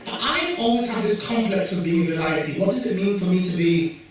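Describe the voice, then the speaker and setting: A young man with a Yorkshire accent tells jokey stories to a live audience, making quick asides to them. His voice sits fairly high. He is picked up from far off in a very echoey hall, with faint noise behind him. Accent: Yorkshire English. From Yorkshire, England. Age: young adult. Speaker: youth worker giving a talk. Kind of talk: storytelling talk at a community event. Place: community event hall.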